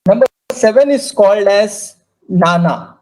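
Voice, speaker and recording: A woman teaching a language class, repeating each word slowly and drilling pronunciation. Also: medium pitch, expressive, a little mellow, rough recording. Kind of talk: slow, careful language lesson.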